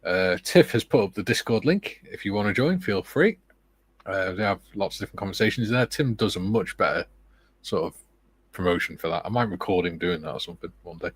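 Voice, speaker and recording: British male streamer, low-ish register, easygoing chat with dry wit, dead room sound. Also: brisk, husky, no room sound. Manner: relaxed, chatty, with joking asides. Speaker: livestream host. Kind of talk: casual livestream chat, reading viewer comments aloud.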